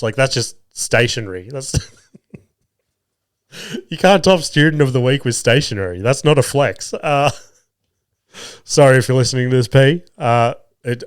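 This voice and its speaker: A man's voice: medium pitch, clear, resonant tone, no room sound, studio quality. A man in his thirties with an Australian accent hosting a podcast, telling crude, swearing stories about his kids and laughing at them. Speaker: podcast host. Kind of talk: casual storytelling.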